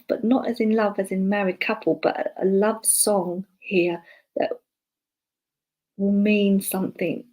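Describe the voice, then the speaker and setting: A woman working as a spiritualist medium, passing on spirit messages in a live online service. She speaks haltingly, with many fillers and restarts, and murmurs softly to herself between messages. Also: medium pitch, poor audio. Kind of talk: live online clairvoyance demonstration.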